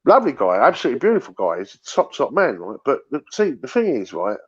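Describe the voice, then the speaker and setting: Middle-aged bloke rambling about football on a fan stream, repeats himself, kinda dull call audio. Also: male voice, mid-range voice, huge pitch swings, fast talker, husky. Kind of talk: casual livestream chat.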